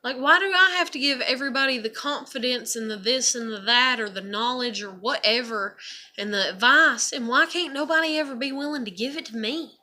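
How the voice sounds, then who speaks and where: A woman's voice: on the high side, fairly quick, sharp tone. A woman, venting bluntly in a raw, profane, heartfelt monologue. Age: 30s. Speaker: vlogger.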